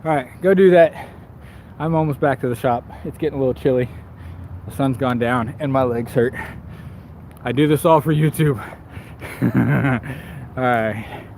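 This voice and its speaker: Medium in pitch with a darkish tone, he talks at normal speed but pauses often. A bike shop owner and vlogger streaming live from his bike in town, he rambles and jokes at his own expense with frequent laughs, while his action camera picks up outdoor traffic and street noise.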